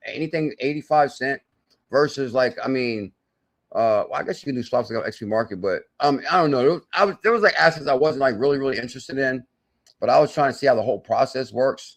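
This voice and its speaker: A man hosting a live crypto stream, talking in an excitable, salesy way with loud outbursts, thinking aloud as he works through sums and reads the viewer chat. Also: medium pitch. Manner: thinks aloud while doing sums and checking charts. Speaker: crypto channel host.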